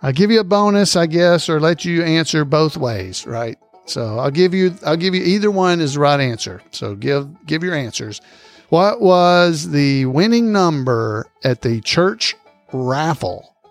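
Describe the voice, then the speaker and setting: A man's voice: on the high side, expressive, soft background music. Chuckling man hosting a podcast quiz. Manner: reads questions slowly and repeats them, chuckles often. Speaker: podcast host running a trivia quiz. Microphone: close podcast microphone.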